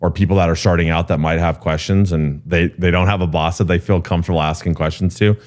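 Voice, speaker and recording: A man being interviewed, telling workplace stories in a candid, animated way and often filling pauses with "um" and "you know". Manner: animated storyteller who jumps high when quoting people; frequent fillers like um and you know. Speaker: guest, real estate executive.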